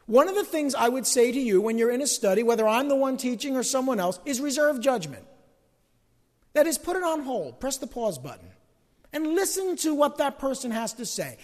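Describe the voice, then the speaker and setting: A male pastor with a very high voice preaches in a lively, animated way, acting out quoted arguments and dropping to hushed asides. His sermon rings with the long reverb of a large hall. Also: a little fast. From Northeast US, Italian-American home.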